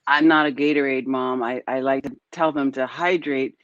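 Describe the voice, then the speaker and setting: A middle-aged woman hosting an interview, chatty and animated as she tells a story over a video call. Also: very deep voice, normal speed, no room sound. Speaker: host. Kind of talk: casual interview chat. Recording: dry, dull lo-fi call audio.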